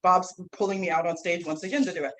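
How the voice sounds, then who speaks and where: A woman teaching a class, telling a story in a lively, rambling way, full of restarts and "like", standing away from the microphone. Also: lowish voice, fast talker, low-quality recording. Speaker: herbal instructor and guest speaker. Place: classroom, speaking away from the mic.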